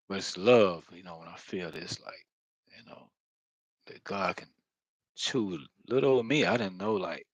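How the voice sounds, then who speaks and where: A man giving a rambling, earnest spiritual monologue, halting with many fillers and heavy sighs, blunt and sometimes swearing. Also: low-pitched, breathy edge, dry recording, dull audio. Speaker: spiritual vlogger.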